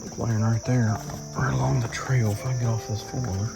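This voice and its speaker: A man's voice: medium pitch, fairly even intonation, moderate pace, gravelly, loud music behind the voice. A man, chatting casually to viewers while camping outdoors in the woods. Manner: folksy, chatty, talks to viewers as y'all. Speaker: outdoor vlogger. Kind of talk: casual camping vlog narration.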